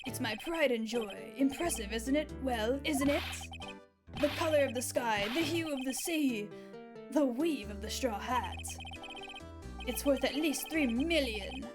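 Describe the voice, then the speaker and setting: A woman voicing a pompous older male lawyer who speaks in a slow, drawn-out, old-fashioned way. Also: high-pitched, animated, over music. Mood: boastful.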